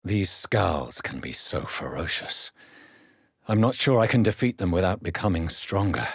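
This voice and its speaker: A grave vampire doctor from a video game, with a very low, husky voice that rises and falls with feeling. He questions people in a calm, measured way. The studio sound is close and dry. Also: no room sound, heavily acted. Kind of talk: game voice lines.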